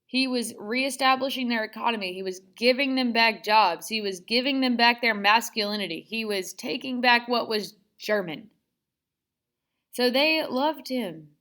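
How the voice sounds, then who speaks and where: A woman's voice: fairly high pitch, moderate pace, fairly bright tone. A woman teaching a history lesson in a chatty, casual way, full of sarcastic asides. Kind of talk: casual classroom lecture.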